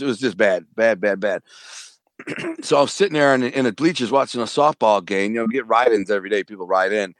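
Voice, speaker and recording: A man's voice: medium pitch, a bit bright, dry recording. A middle-aged man from the Detroit area telling a rambling, streetwise story, acting out the voices of people he quotes. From Detroit area, USA. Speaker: interview guest, author. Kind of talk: casual storytelling.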